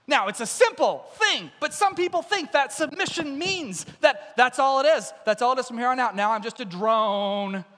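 Male pastor, lively storytelling sermon; bright, high voice, full of range, in a reverberant hall. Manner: animated storyteller, acts out characters. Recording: long church hall reverb.

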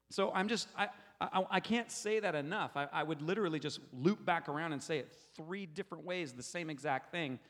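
A man preaching in an earnest, emphatic way, his voice sitting a little high for a man. He leads a guided scripture meditation and slows to a soft, hushed delivery for it. The sound carries a long reverb, as if from a large church hall. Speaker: pastor.

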